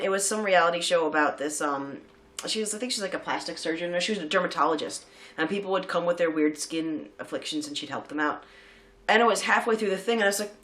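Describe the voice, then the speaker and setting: A woman's voice: on the low side, fairly bright tone. Chatty woman vlogger. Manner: chatty and rambling, lots of fillers. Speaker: vlog co-host. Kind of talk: casual chat about a movie.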